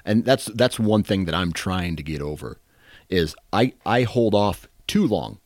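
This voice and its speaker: A man with a very low voice hosts a casual podcast. He laughs easily, pokes fun at himself, and stumbles over his words. The sound is dry, with no room echo. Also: animated. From Iowa. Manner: self-deprecating, laughs easily, halting. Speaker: podcast host.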